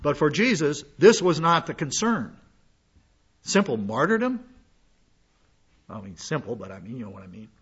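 An older man preaching in a folksy, meandering way, pausing on fillers and circling back on himself. His voice sits a little high and sounds husky. The recording is dull and lo-fi. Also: very animated, a bit bright. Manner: folksy, rambling with frequent fillers and restarts. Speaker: pastor. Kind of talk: sermon.

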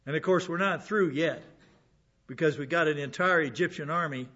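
A man's voice: fairly high pitch, moderate pace, pushed and bright, muffled recording. A man giving an informal Bible lesson, chatting along, repeating words and asking rhetorical questions. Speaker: Bible teacher.

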